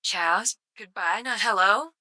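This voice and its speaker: A woman's voice: mid-range voice, unhurried, bright, forceful tone, no echo. A woman live-streaming casual commentary, sarcastic and swearing freely with mock outrage.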